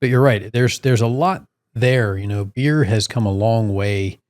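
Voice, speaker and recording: A man's voice: lowish voice, measured pace. A man co-hosting a casual beer podcast, telling stories and laughing often. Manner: animated storyteller, laughs often. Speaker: podcast co-host. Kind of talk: casual chat.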